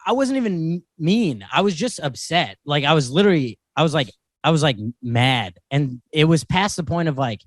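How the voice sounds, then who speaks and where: Young male comedian podcast co-host; lively, quotes people in character, dry mic. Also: a little high, moderate pace, dry recording. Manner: animated, laughs often, acts out quotes. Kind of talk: casual chat, storytelling.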